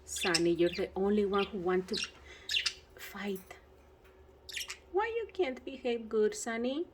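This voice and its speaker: Budgie chirps fill this noisy home recording of a woman narrating a casual vlog about her pet birds and speaking to them directly. She talks slowly in a mid-range, darkish voice with lively intonation, using non-native phrasing and often reaching for words.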